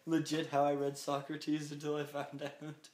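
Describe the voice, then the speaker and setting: A man's voice: fairly high pitch, monotone, moderate pace. Rambling young man in an echoey room. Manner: rambling, laughs often. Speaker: podcast co-host. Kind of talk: casual chat. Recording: echoey room, faint noise.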